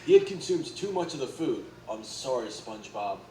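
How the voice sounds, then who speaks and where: A man's voice: mid-range voice, lively intonation, moderate pace, a little mellow, natural voice. A man voicing a grave male fish doctor giving bad news, recorded at a distance in an echoey, noisy room.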